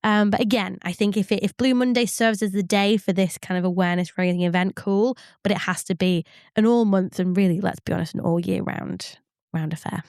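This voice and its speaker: A woman co-hosting a podcast explains workplace psychology at a steady, measured pace, with plenty of ums along the way. Her voice is smooth and clear. The sound is dry and close to the mic. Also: medium pitch, dry recording. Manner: measured, explanatory, with frequent fillers. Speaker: psychologist co-host. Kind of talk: podcast advice chat.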